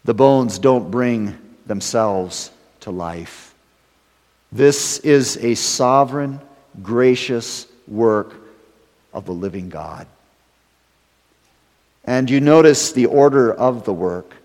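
A pastor delivers a sermon in an even, deliberate cadence. His phrases fade off softly, then he climbs louder when he stresses a point. His voice carries a long reverb, as if in a large church sanctuary. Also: medium pitch. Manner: measured preaching, trailing off at phrase ends, rising loud for emphasis.

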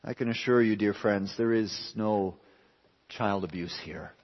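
A man pastor preaching a sermon with emphatic swings between raised and hushed lines. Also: fairly low pitch, a little slow. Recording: reverberant hall, dull lo-fi sound.

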